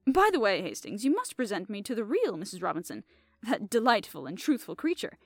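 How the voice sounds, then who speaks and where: A woman reading aloud, voicing a fussy, polite middle-aged male detective who speaks with courteous, soft reproof. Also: mid-range voice, sing-song, brisk, no echo, soft background music. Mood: explaining.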